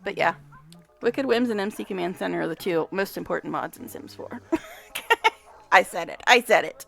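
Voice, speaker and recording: A woman's voice: medium pitch, animated, moderate pace, gravelly, fairly bright tone, faint music behind. A woman giving casual gameplay commentary, chatty, talking to the game characters, swearing and laughing often. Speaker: gamer vlogger.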